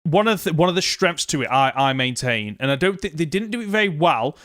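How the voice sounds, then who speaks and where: A man's voice: on the high side, lively intonation, brisk, fairly bright tone, no echo, studio quality. A young man co-hosting a casual podcast, telling stories and laughing often. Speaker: podcast co-host. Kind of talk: casual chat.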